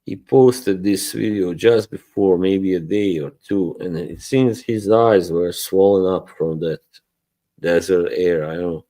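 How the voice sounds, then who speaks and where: A man with a very low, dark voice hosts a relaxed live stream. He talks slowly, rambles, chuckles often and lets his sentences trail off.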